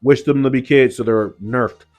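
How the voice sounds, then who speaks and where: A man's voice: medium pitch, fairly even intonation, moderate pace, a little mellow, faint music behind. A man giving a casual, slangy recap of an anime episode, loose and full of "like" and "yo". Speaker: anime reviewer.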